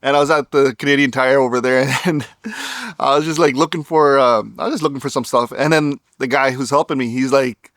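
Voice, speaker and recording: A man's voice: mid-range voice, fairly even intonation, brisk, fairly bright tone, no echo, clean studio sound. A man vlogging, telling a story to camera in a wry, sarcastic way and laughing as he goes.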